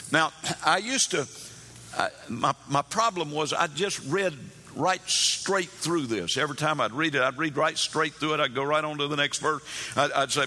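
A man's voice: a little high, moderate pace, pushed and bright. A man preaching a sermon, telling Bible stories and acting out the characters' pleas in a raised voice. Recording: long hall reverb.

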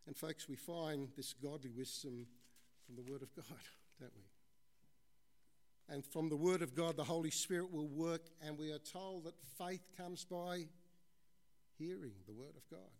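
A man's voice: a little high, measured pace, darkish tone. A male preacher giving a conversational sermon, addressing the congregation as "folks" and telling stories.

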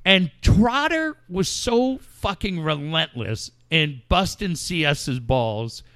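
A male podcast host reminisces in loose, profanity-laced chat. His voice sits a little high and swings widely in pitch as he tells stories. The recording is dry, with no room sound. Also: animated, slow pace, a bit bright, dry recording. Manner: profane, rambling storyteller.

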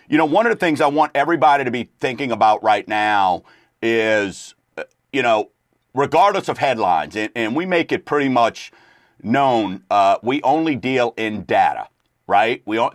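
A man's voice: medium pitch, no room sound, clean studio sound. A middle-aged man hosting a radio talk show in a loose, rambling way, full of fillers. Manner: rambling, laid-back, lots of fillers. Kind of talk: casual chat.

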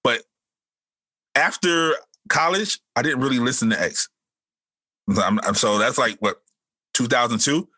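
Laid-back, bright-voiced man in his forties hosting. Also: mid-range voice, measured pace, long pauses, no room sound. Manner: laid-back, laughs often, stammers on restarts. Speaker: podcast host. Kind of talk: casual chat.

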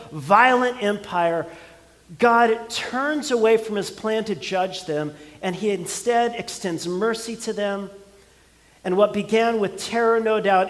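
Man, pastor, sermon, high voice, emphatic repetition, long hall reverb. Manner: emphatic, repeats words for stress.

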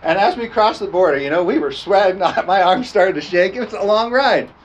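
A man's voice: high voice, expressive, brisk, lo-fi sound, a little hiss or hum. A man preaching a storytelling sermon in a folksy, laughing way, often tossing "amen?" to the congregation.

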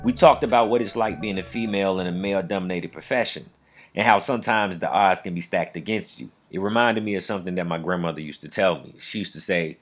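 Low-voiced slangy man hosting. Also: quick pace, faint music behind. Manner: laid-back slangy talk, bursts into high laughing impressions. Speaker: podcast host. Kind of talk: casual interview chat.

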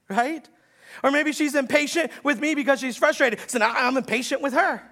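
A male pastor delivers a sermon in an extremely high voice, sinking into slow, quiet lines before climbing back to loud, rapid preaching. He repeats many words and often restarts.

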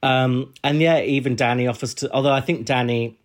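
A man's voice: medium pitch, fairly even intonation, a little fast. A young man chatting casually as a podcast co-host, rambling and laughing often. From United Kingdom. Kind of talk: casual chat.

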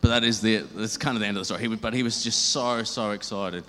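A man sharing a church testimony, rambling and lively, acting out the dialogue. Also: fairly low pitch, quick pace. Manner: rambling, animated, acts out dialogue. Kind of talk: storytelling testimony. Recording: reverberant hall, faint noise.

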